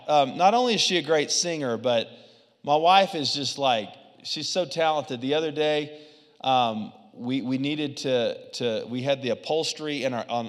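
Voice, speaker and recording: A man preaching a sermon as pastor, telling stories with humor in an animated, conversational way. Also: a little high, in a large hall. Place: church sanctuary.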